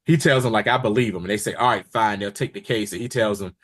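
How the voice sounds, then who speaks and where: Talking fast in a fairly low voice, a man co-hosts a podcast and chats casually through a TV episode recap. He's animated, voicing the characters' lines as he goes.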